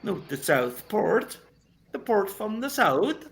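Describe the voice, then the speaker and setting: A man with a northwest English accent, swearing and rambling loudly in casual chat on a video call. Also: high-pitched, very animated, slow, creaky. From northwest England. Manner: sweary, rambling, boisterous ranting.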